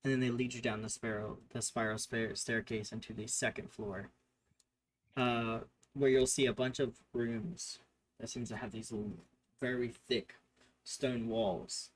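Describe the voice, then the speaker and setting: Slow-talking male game master. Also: medium pitch, fairly even intonation, a little hiss or hum. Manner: improvised description with fillers and self-corrections. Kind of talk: narrating a tabletop game.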